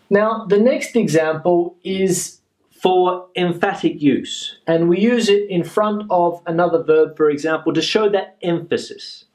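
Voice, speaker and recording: A man teaching a grammar lesson, explaining slowly and patiently and repeating each example sentence. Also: a little high, darkish tone. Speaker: English teacher.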